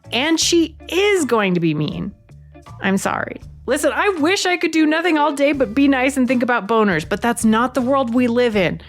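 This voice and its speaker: A woman hosts a comedy podcast in a playful, teasing voice that swings from bold to hushed. Her pitch sits in the middle of the range. Soft music runs underneath her. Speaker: podcast host. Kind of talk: comedic podcast monologue and panel chat.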